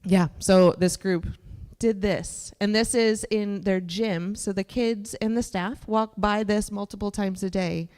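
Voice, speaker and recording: A woman's voice: medium pitch, fairly even intonation, unhurried, hardly any pauses, darkish tone, clean tone. A woman hosting an on-stage interview at a church service, affirming her guest and adding dry sarcastic asides. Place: church sanctuary. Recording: long hall reverb.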